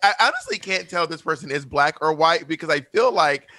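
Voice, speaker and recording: A man talking as a podcast guest, joking with quick, animated asides. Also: on the high side, no echo. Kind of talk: casual podcast chat.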